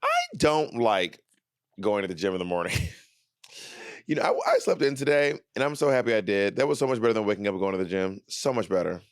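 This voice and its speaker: A man in his thirties co-hosting a podcast, chatting casually with a playful, teasing manner and drawn-out emphasis. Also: on the low side, lively intonation, dry recording, clean studio sound. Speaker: podcast co-host. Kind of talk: casual chat.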